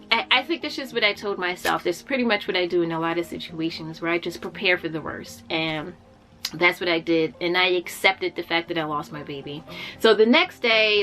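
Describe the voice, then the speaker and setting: Young woman vlogger, bright clear voice, candid heartfelt storytelling, faint music underneath. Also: medium pitch. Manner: candid and heartfelt, with frequent fillers and restarts. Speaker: vlogger sharing a personal story. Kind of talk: casual personal storytelling.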